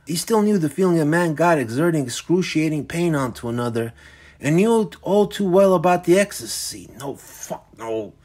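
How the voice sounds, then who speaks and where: A man's voice: a little high, lively intonation, brisk, darkish tone. Man narrating a gritty crime thriller. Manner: intense, gritty storytelling. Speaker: author reading his own novel. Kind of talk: dramatic audiobook narration.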